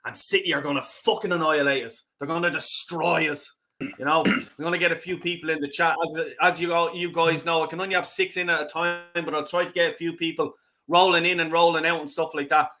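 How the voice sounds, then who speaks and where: A man's voice: fairly high pitch, fairly even intonation, brisk, pushed and bright. A man hosting a fan reaction livestream, ranting angrily and swearing as he repeats himself. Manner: angry, sweary, repetitive ranting. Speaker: fan channel host.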